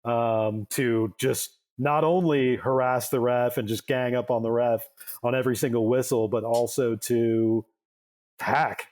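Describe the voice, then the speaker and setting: A man's voice: mid-range voice, darkish tone. A man co-hosting a sports podcast in casual chat, rambling with lots of fillers and restarts. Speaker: podcast co-host.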